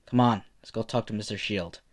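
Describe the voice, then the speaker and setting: A man's voice: on the low side, brisk, lightly acted. A man voicing a hot-headed, foul-mouthed teenage boy rival who speaks bluntly and sarcastically. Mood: sarcastic.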